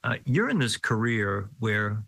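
A man's voice: fairly low pitch, very animated, a little slow, gravelly, a bit bright, husky, dry recording, low-quality recording. An older man who hosts the show and performs weddings as a clergyman, asking long, winding questions and affirming his guest. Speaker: host, clergyman. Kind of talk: interview conversation.

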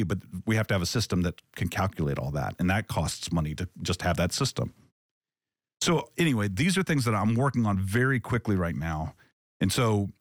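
A very deep-voiced man hosting a casual faith podcast. He talks earnestly and reflectively and often circles back to restart a thought. The sound is dry and close, with no room around it. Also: dry recording. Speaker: podcast host.

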